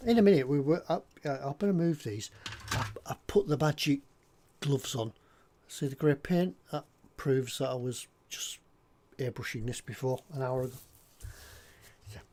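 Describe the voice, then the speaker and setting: With a medium-pitched, dark-toned voice, a man talks at a moderate pace with long pauses. He's a scale model builder at his workbench, joking casually and rambling off topic as he works on a model.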